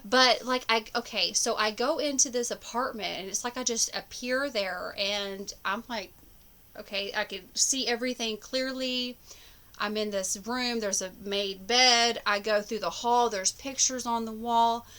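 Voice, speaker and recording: A woman's voice: on the high side, measured pace, pushed and bright. A woman talking casually to camera about her dreams, rambling with many fillers and restarts. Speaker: spiritual vlogger. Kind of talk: casual personal monologue.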